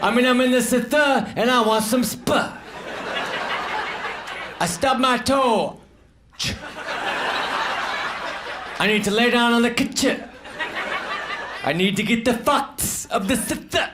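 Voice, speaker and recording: A man doing a stand-up comedy set of deadpan one-liners with a slow, drawling delivery. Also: extremely high pitch. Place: comedy club stage before a live audience. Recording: roomy live club recording, crowd noise.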